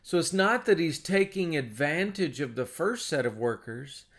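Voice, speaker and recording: Man, preacher, scripture reading and sermon, somewhat high voice, plain explaining. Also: lively intonation, normal speed, a bit bright. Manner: reads aloud then explains in plain, conversational teaching.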